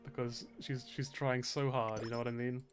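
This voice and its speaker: A man streaming a game, talking casually and cursing often in loud, exasperated outbursts. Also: mid-range voice, little pitch movement, moderate pace. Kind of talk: casual live-stream commentary. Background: game music.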